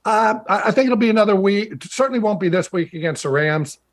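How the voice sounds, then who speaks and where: Man, former pro player, broadcaster guest, video call, storytelling, slightly high voice. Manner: storytelling, animated, quick asides. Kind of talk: casual interview chat.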